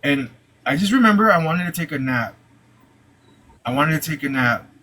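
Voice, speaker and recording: A young man telling a personal story live, halting, with many "like"s and repeated restarts. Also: on the high side, animated, pushed and bright, a little hiss or hum, low-quality recording.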